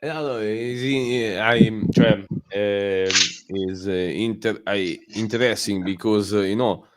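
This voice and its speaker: A man's voice: on the low side, steady tone, slow pace, noisy background. A man from Italy speaking English with an Italian accent, chatting casually on a stream with many fillers and restarts. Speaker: guest caller on a community stream. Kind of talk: casual chat.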